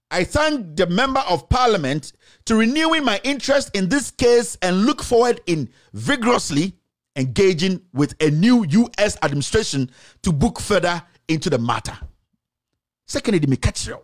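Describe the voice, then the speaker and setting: A man with a Ghanaian accent giving heated political commentary, scolding and emphatic, mixing in Twi phrases. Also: sits high.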